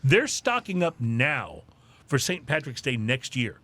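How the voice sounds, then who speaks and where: A man hosting a podcast, reading drinking news with deadpan jokes. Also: mid-range voice, a little slow. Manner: animated, deadpan joking delivery. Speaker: podcast host.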